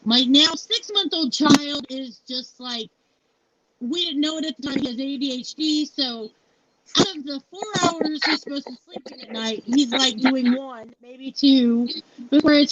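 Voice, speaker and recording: A woman's voice: sits high, moderate pace, noisy background. A woman in her forties telling a personal story in a live interview, frank and blunt, swearing freely and saying "you know" a lot. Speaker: founder and CEO, interview guest. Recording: muffled lo-fi live stream audio.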